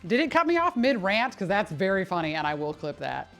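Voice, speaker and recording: A woman's voice: medium pitch, brisk. Trainer lady chatting on her workout stream, voice jumping all over, cusses a lot, faint music behind. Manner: animated, swearing, self-mocking, laughs often. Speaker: fitness streamer and personal trainer. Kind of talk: casual live-stream chat while working out.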